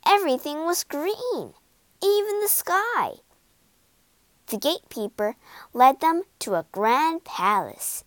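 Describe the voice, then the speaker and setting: A woman reading a storybook aloud slowly and clearly for English learners, with expressive delivery. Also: high-pitched, no echo.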